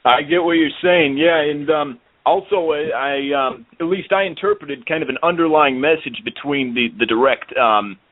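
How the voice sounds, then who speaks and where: A man hosts an internet radio show, speaking in a hesitant way full of ums and you-knows. His voice sits a little higher than usual for a man. The sound is narrow and tinny, like a phone line. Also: normal speed, few pauses. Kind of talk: casual interview chat.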